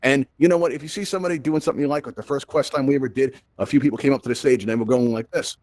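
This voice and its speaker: A man leads a live virtual reality lesson, talking quickly and tossing in "right?" after nearly every step. His tone is upbeat and chatty, and his mid-range voice sits close to the mic with a dry sound. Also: mid-range voice, a little mellow, no echo. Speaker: host. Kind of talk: live tutorial to a virtual audience.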